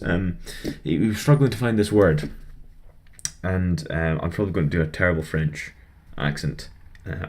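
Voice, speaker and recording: A young man with a notably deep, low voice chats to his viewers while he builds a model. He rambles from one thought to the next in an easygoing, self-deprecating way. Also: a little mellow, a little hiss or hum. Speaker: vlogger building a model kit. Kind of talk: casual chat while building.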